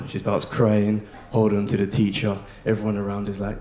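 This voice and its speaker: A young man doing a slangy, animated stand-up comedy set. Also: fairly low pitch, brisk, a little hiss or hum. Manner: animated, slangy, swings into loud shouted bits. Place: live comedy venue with audience.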